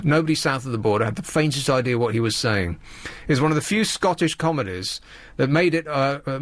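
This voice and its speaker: A man's voice: medium pitch, no echo. A man, hosting a radio show in a wry, rambling, sardonic monologue. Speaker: radio host. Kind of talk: late-night radio monologue.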